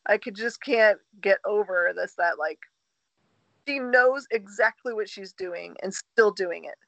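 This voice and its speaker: Bright-voiced woman, earnest and reflective. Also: mid-range voice, measured pace, vocal fry, no echo, low-quality recording. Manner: earnest, reflective, talks through her feelings. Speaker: podcast co-host. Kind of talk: casual chat.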